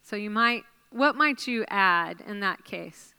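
A woman's voice: medium pitch, lively intonation, slow, vocal fry, bright, forceful tone, clear, resonant tone. A woman leading a Bible study class, drawing out answers and praising them with encouragement as she writes them up. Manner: encouraging, praises answers, thinks aloud while writing.

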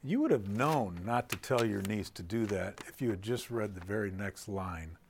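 A middle-aged man teaching preachers in a playful live talk, quizzing the audience and swinging between loud and soft delivery. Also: fairly low pitch, lively intonation, normal speed, vocal fry, background noise.

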